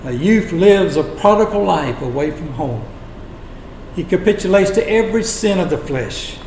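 A man preaching a sermon, retelling scripture as dramatic storytelling with long pauses. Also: high voice, animated, a little mellow, a little hiss or hum. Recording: echoey room.

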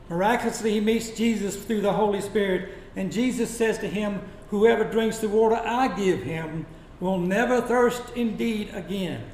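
High-voiced preacher in an echoey room. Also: male voice. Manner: dramatic, slows down and drops to a hush for quoted lines. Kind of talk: sermon storytelling. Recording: echoey room with faint noise.

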